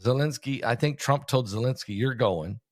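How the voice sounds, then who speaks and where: A man hosting a casual conversation, chatty and curious, pausing often to find his words. His voice sits at an ordinary middle pitch, and the sound is dry and close. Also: dry recording. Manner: chatty, questioning, halting with fillers. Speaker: host, preacher.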